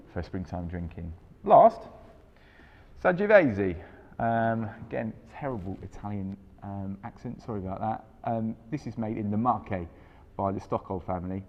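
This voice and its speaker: A low-pitched man presenting in a relaxed, chatty way, full of ums and easy asides. The sound is dull and a little muffled, with a long reverb trailing each phrase and a faint hiss of room ambience underneath. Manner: relaxed, filler-heavy, chatty. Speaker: wine subscription host. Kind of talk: casual presenting to camera.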